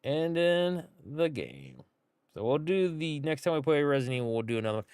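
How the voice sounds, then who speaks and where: A man's voice: on the high side, big pitch swings, brisk, a little mellow, clean tone, dry recording, clean studio sound. A middle-aged man chatting casually on a livestream, rambling, with lots of fillers and acted-out quotes. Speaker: streamer. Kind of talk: casual livestream chat to viewers.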